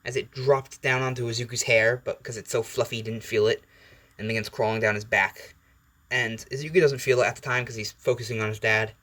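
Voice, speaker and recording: A man's voice: mid-range voice, steady tone, a little fast, fairly bright tone. A man casually retelling a fan story, rambling and laid-back, with fillers and casual swearing.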